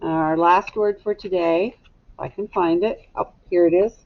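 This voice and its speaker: A woman teacher walks young children through a recorded phonics lesson, spelling each word slowly and deliberately. Her voice has a gravelly, creaky edge, and the recording sounds dull and lo-fi. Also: lowish voice, fairly even intonation, a little hiss or hum.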